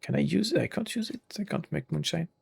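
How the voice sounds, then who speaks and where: A man's voice: on the high side, animated, fast talker, gravelly, husky, no echo. Joking man narrating a game playthrough. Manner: chatty, joking, reads dialogue aloud. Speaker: gaming YouTuber. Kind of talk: casual let's-play commentary.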